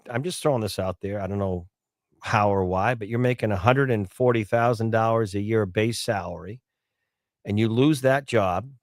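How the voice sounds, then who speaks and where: A man's voice: fairly low pitch, dry recording, clean studio sound. A man hosting a talk radio show, speaking in a conversational, rambling way with fillers and repeated words.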